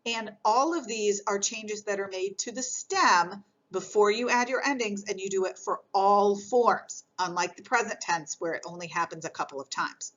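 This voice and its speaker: A woman teaching a recorded grammar lesson, with a patient, explanatory manner that circles back to repeat key points. Her voice sits at a middle pitch, and the recording sounds a little dull and lo-fi. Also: moderate pace, few pauses, fairly bright tone. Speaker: French teacher.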